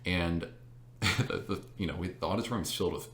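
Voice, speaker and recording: Young man, very low voice, animated storytelling, laughs a lot, echoey room. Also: fairly quick. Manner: animated, laughing, with many fillers. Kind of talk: casual storytelling chat.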